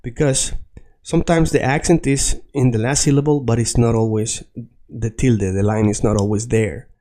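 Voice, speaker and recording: A man's voice: mid-range voice, a little mellow. A man teaching a lesson in English, patiently repeating words for learners. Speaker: Spanish teacher. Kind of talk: language lesson.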